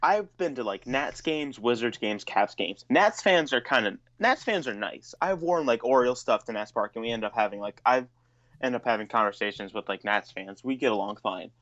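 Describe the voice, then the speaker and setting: A man's voice: mid-range voice, animated, moderate pace, a bit bright, lo-fi sound. A man co-hosting a podcast, telling stories in a casual, profane, ranting way. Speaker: podcast co-host. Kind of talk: casual chat.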